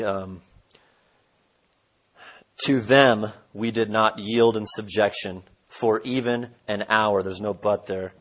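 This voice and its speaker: A man preaching an expository sermon, emphatic, asking his listeners rhetorical questions and swinging between loud and soft. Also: lowish voice.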